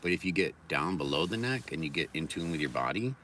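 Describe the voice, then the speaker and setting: A man's voice: rumbling low, expressive, fast talker, fairly bright tone, recorded from a distance, slight background noise. A man talking in a casual livestream monologue, rambling, blunt and full of swearing, circling back to repeated mantras. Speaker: livestream host.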